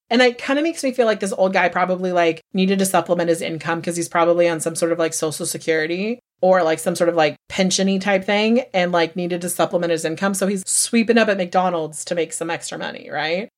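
A woman's voice: on the low side, normal speed, few pauses. A woman hosting a podcast, recapping a true-crime story in a heated, profane, emphatic way. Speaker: podcast host.

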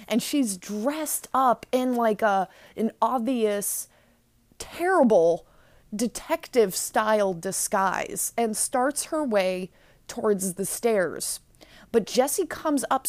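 A woman hosting a podcast, recapping an episode in a chatty, animated way. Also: mid-range voice, no room sound. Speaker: podcast host.

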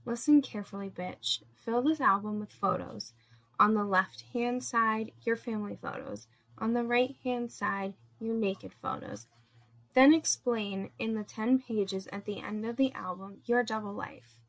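A woman's voice: fairly high pitch, measured pace. A woman voicing a cruel, domineering woman who barks contemptuous commands, in a storybook reading. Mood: stern, cruel.

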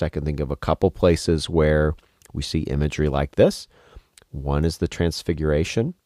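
A man with a low, darkish voice co-hosts a podcast, thinking aloud and asking questions about the meaning of a worship song in a conversational theological discussion. The studio sound is clean with no echo.

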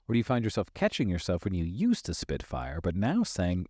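A man's voice: lowish voice, huge pitch swings, a little fast, hardly any pauses, darkish tone, no room sound. A man in his fifties hosting a motivational podcast, talking candidly and emphatically, swearing casually and repeating phrases for stress. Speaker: podcast host and life coach.

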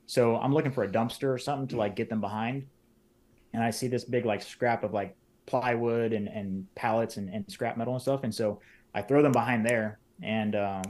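A man's voice: mid-range voice, fairly even intonation, fairly quick, darkish tone. A man, a podcast guest, casually retelling events in detail, acting out what people said and filling his speech with "like.". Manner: retells events in detail, acting out quoted lines, many fillers like "like". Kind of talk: casual personal storytelling.

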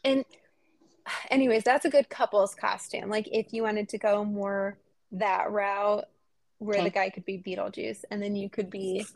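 A woman's voice: medium pitch, little pitch movement, moderate pace, no room sound. A woman in her thirties co-hosting a podcast, telling stories in casual chat and laughing often. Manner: chatty storyteller, laughs often. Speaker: podcast co-host.

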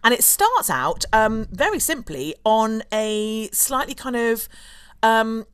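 A woman's voice: fairly high pitch, very animated, slow, clear, resonant tone, dry recording. A woman co-hosting a casual history podcast, laughing often as she talks. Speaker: podcast co-host. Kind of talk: casual chat.

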